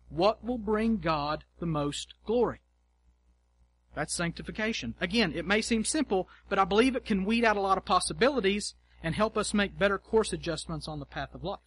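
A man's voice: high voice, a bit bright. A man preaching a sermon in a conversational, emphatic way, acting out quoted prayers and repeating key lines. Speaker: pastor.

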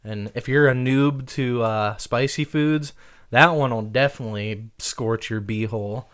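A man in relaxed podcast banter, joking around and laughing often. He talks in loose, filler-heavy sentences at a middling pitch. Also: a little slow, smooth. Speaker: podcast co-host. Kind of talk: casual chat.

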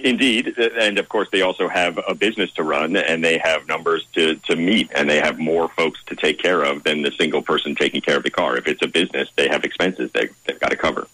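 Very deep-voiced man, measured and formal. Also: bright, forceful tone, dry recording, poor audio. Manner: measured, formal, with frequent "uh" pauses. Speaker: guest, director of content at a car website. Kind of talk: radio interview answers.

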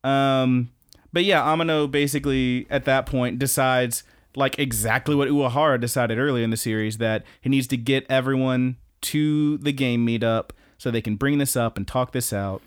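A man's voice: mid-range voice, fairly even intonation, normal speed, clear, resonant tone. A young man co-hosting a podcast, recapping an anime in casual, rambling chat and laughing often. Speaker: podcast co-host.

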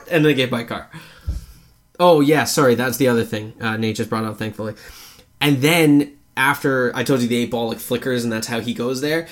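Podcast guy reviewing a movie, swears a lot, does goofy high voices for quotes. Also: brisk. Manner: animated, acts out quotes in raised voices, swears freely. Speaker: podcast co-host. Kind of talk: casual movie review chat.

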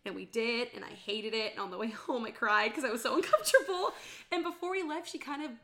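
A woman's voice: on the high side, fast talker, sharp tone. A young woman co-hosting a podcast, telling a dating story in casual chat, acting out quotes and laughing often. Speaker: podcast co-host.

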